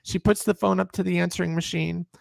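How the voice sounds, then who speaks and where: A woman in her fifties from upstate New York, a guest telling an animated, salty anecdote and acting out other people's lines. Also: fairly low pitch, quick pace, gravelly, no echo. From Sullivan County, New York, USA. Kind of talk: anecdotal storytelling in a video chat.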